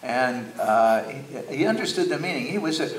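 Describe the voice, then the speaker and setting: An older man telling stories slowly on stage, with many hesitations. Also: mid-range voice, animated, distant mic, a little hiss or hum. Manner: slow, anecdotal, hesitant. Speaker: guest speaker. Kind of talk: on-stage conversation. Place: theater stage before an audience. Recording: roomy hall, mic from afar.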